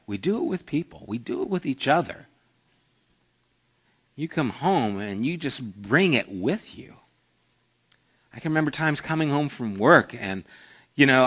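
A man's voice: on the high side, sharp tone. Earnest male pastor preaching, muffled audio. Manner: earnest, conversational preaching with anecdotes. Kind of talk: sermon.

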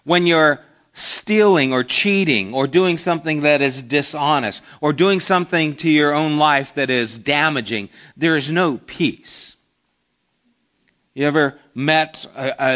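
A man's voice: on the high side, fairly bright tone, muffled recording. A man preaching a sermon in an earnest, conversational way, illustrating with everyday stories. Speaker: pastor.

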